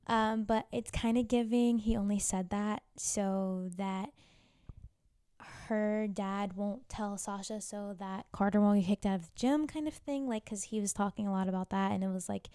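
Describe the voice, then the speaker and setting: A woman's voice: mid-range voice, fairly even intonation, moderate pace, mellow, smooth. A young woman hosting a casual recap of a TV drama, talking chattily with lots of "like" fillers and side comments. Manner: chatty, full of "like" fillers and asides. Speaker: YouTube recap host.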